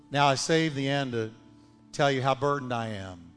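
A man's voice: moderate pace, clean tone. Man preaching in a reverberant church. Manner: preacherly, swings between loud calls and hushed low lines. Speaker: pastor. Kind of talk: sermon. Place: church sanctuary. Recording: long hall reverb with faint music.

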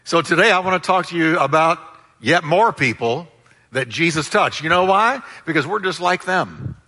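Bright-voiced pastor preaching in a hall. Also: male voice, fairly high pitch, expressive, normal speed. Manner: emphatic, call-and-response with congregation. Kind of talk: sermon.

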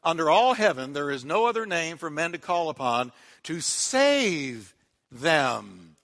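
A male pastor preaches with a high, bright voice. His delivery is dramatic, swinging down to hushed tones and back up, and he calls on the congregation to repeat after him. The sound carries a long reverb from a large hall. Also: very animated, unhurried. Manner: dramatic preaching, dropping to a hush on quiet words; leads the congregation in call-and-response. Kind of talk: sermon.

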